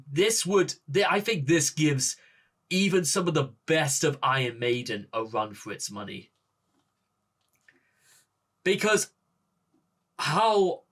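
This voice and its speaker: A man with a Northern English accent hosting a music reaction video, gushing and halting, with many restarts and rhetorical questions. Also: fairly high pitch, fairly bright tone. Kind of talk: excited reaction talk to camera.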